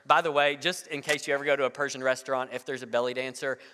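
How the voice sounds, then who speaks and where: Male pastor, 30s, chatty sermon delivery with stumbles and "right?" asides, bright tone, echoing hall. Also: medium pitch, level tone, fast, slight background noise. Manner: conversational, repeats words, frequent "right?". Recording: long hall reverb.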